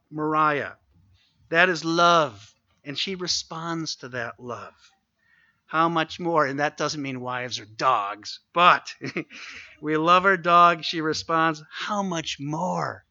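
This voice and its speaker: A man preaching a sermon, earnest and exhorting, who slows down to stress key points. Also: fairly high pitch, bright, forceful tone, no echo, highs cut off. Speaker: pastor.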